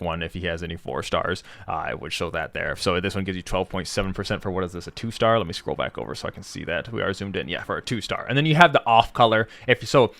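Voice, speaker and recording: Chatty man, low voice. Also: a bit bright, dry recording. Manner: chatty, loose, many fillers; mock infomercial hype in bursts. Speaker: gaming content creator. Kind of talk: casual screen-share walkthrough.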